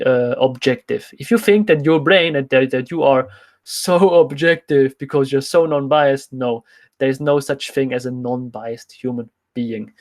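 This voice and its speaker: A man from Switzerland with a Swiss accent, a fitness coach answering viewer questions in a candid, rambling livestream chat full of restarts. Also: medium pitch.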